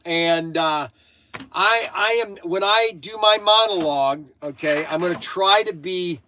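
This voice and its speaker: A man's voice: high voice, a little slow, sharp tone, slight background noise. An older man hosting a casual chat, rambling and going off on tangents, sounding tired. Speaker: host.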